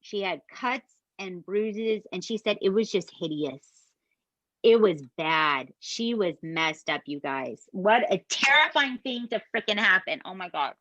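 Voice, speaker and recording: A woman, co-hosting a podcast and retelling a true crime story in an animated, casual way that includes swearing. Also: medium pitch, unhurried, dry recording. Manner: animated, swears, addresses listeners as "you guys". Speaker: podcast co-host.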